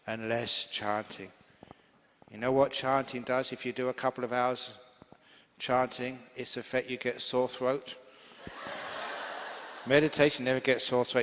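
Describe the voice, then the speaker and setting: Monk telling funny stories in a dharma talk, slow and unhurried, big hall echo. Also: male voice, medium pitch, a bit bright. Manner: humorous, chatty, laughing easily. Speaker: Buddhist monk teacher. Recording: long hall reverb.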